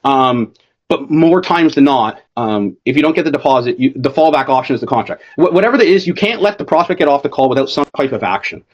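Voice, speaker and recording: A man's voice: medium pitch, lively intonation, quick pace. A young man coaching a sales rep over a call, blunt and swearing constantly. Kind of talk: profane casual coaching call. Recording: dull lo-fi call audio.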